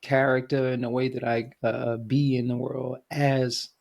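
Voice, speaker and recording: A man hosting a spiritual podcast, speaking slowly and thoughtfully and often stopping to find the right word. There is some gravel in his voice. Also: mid-range voice, level tone, darkish tone. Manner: searching for words, halting, thoughtful. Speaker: podcast host. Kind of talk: casual conversation.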